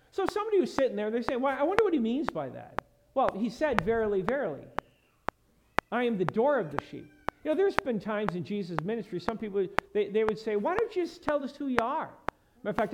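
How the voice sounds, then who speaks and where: A male pastor preaching a sermon in a church, emphatic and quoting scripture in old-fashioned wording. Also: high-pitched. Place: church sanctuary. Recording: loud background noise in a church sanctuary.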